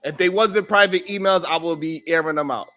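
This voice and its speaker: A man's voice: a little high, a little fast, pushed and bright. A man hosting a live-stream show, chatting casually with viewers in a loose, profane, joking way and laughing often.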